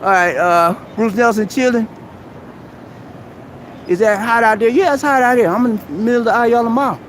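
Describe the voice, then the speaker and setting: A man's voice: very high-pitched, normal speed, a bit bright, slight background noise. A man hosting a live stream outdoors at a mall, giving preachy, exhorting advice and calling the listener "man". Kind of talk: motivational advice rant. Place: outdoors at a busy shopping mall.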